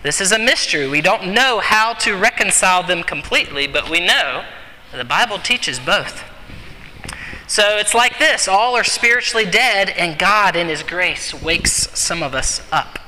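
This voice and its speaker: Man preaching, bright forceful voice, slightly high, long hall echo, faint noise. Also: lively intonation, normal speed. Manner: earnest, repetitive emphasis, drops to a whisper on quotes. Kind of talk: sermon.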